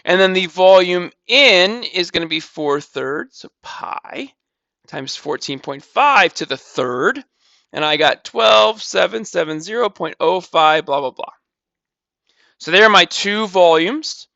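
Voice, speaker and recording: Guy teaching math, high bright voice, chill step by step, kinda dull lo-fi sound. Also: animated, slow, creaky, no echo. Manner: talks through calculations step by step, casual, repeats numbers, says "blah, blah". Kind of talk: recorded math lesson walkthrough.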